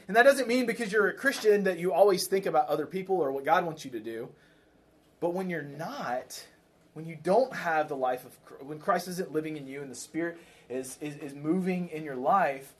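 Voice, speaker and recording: A man preaching a sermon to a congregation in a conversational way, asking questions, repeating key phrases and checking in with listeners. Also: fairly high pitch. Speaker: pastor. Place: church.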